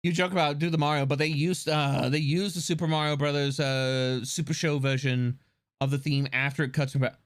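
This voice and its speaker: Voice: medium pitch, fairly even intonation, brisk. A live streamer chatting casually, swearing freely and restarting sentences often. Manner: rambling, swears freely, frequent restarts and fillers.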